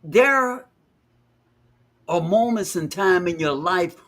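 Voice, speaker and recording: A man's voice: high voice, animated, takes it slowly, a bit bright. A man co-hosting a live discussion show, stressing his words with emphasis. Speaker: co-host of a live talk show.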